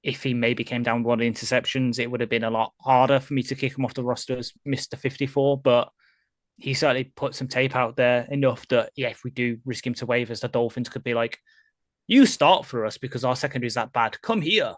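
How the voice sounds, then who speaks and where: A man's voice: medium pitch, little pitch movement, quick pace, no room sound. A British man co-hosting a live sports stream, breaking down players analytically. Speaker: podcast co-host. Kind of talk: casual live-stream chat.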